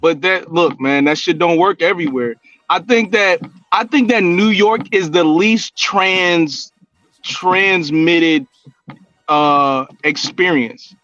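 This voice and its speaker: A man's voice: high-pitched, takes it slowly, bright, forceful tone, no echo, dull audio, soft background music. A man chatting on a podcast in a blunt, profane way, repeating himself to press a point. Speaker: podcast co-host. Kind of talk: casual chat.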